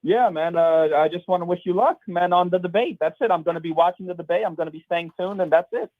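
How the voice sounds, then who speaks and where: A man's voice: sits high, fast talker, no room sound. A man calling in to a talk show, apologetic and friendly. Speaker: caller. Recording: tinny phone line.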